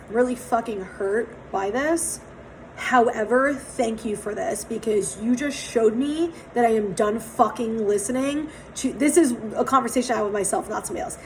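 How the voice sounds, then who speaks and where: A woman's voice: a little high, a little hiss or hum, low-quality recording. A young adult woman doing a casual oracle card reading outdoors, talking frankly and swearing often as she tells her own stories. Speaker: psychic tarot reader.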